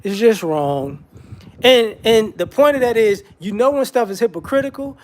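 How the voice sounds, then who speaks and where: A man's voice: extremely high pitch, brisk. A man giving a casual, rambling commentary monologue with frequent restarts and repetitions.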